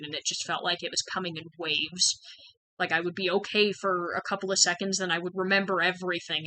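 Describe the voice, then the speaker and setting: A woman's voice: on the low side, bright, forceful tone, dry recording, low-quality recording. A young woman candidly telling a personal story in a frank, conversational way, full of "like" and "um". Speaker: channel host sharing personal experience.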